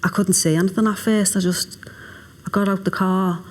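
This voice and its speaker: A woman, a grieving mother, recalling events quietly in a documentary interview. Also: mid-range voice, steady tone, normal speed. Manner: quiet, hushed recollection, drops to a whisper at times. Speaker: mother of the victim.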